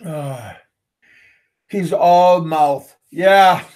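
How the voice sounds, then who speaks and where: This livestream host, a man with a slightly high voice, keeps things relaxed as he reads chat comments and answers them on the spot. His delivery is slow and hesitant, full of repeated words and restarted sentences, broken up by occasional chuckles.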